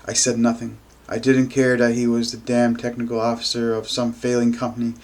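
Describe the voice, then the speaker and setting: A man reading a novel aloud in first person, with steady, even delivery. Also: medium pitch, fairly quick. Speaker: amateur reader.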